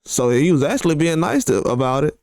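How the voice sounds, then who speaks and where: A man's voice: on the high side, very animated, brisk, darkish tone, no room sound, clean studio sound. A man hosting a boxing commentary channel who reacts to tweets in a blunt, casual way, full of slang and rhetorical questions, his voice often jumping up in disbelief.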